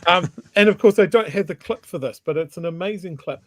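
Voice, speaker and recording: A man's voice: high-pitched, brisk, no echo. A male co-host, telling a story in a casual chat with many restarts.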